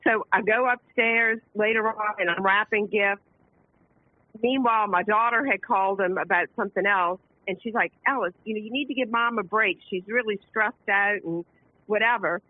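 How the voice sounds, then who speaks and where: A woman calling in to a radio show, telling a family story in an animated way, laughing often and acting out the quotes. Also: medium pitch, moderate pace, no echo. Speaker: caller. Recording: phone line.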